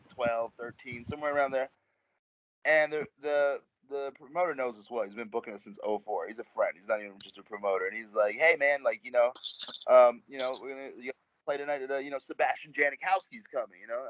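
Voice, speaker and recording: A man's voice: medium pitch, muffled recording, a little hiss or hum. A man, a rapper guest, telling a rambling, slangy story in a casual interview over a video call.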